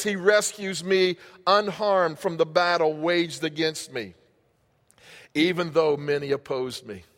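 Male pastor preaching, high voice, fired up and chatty, long hall reverb. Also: fairly bright tone. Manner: impassioned, conversational preaching. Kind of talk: sermon.

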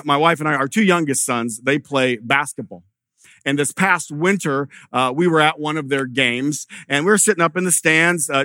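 Male pastor, middle-aged, bright forceful tone, dry close sound, chatty sermon with stories. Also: fairly high pitch, no echo. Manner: conversational preaching with storytelling and repeated restarts.

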